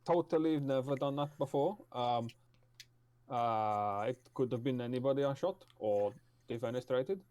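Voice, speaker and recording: A man's voice: mid-range voice, normal speed, warm tone. A man playing a tabletop game, making dry, wisecracking remarks. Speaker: player. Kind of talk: joking table talk.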